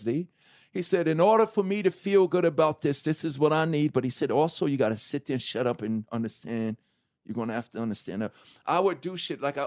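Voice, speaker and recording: Middle-aged new guy in an interview, voice sits a bit high, swears a lot, acts out the quotes. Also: darkish tone. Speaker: guest. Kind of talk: candid interview storytelling.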